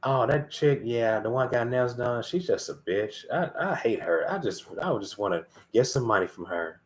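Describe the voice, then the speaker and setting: A man's voice: mid-range voice, expressive, normal speed, close to an everyday voice. A man voicing a two-faced gossiping woman, sugary to her face and spiteful behind her back, in a casual preaching talk. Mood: catty.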